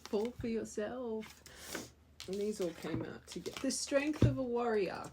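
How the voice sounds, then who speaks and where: A woman's voice: fairly high pitch, lively intonation, normal speed, very noisy. A young woman giving a spiritual tarot reading to her viewers, earnest and emotional, often repeating phrases for emphasis. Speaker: tarot reader.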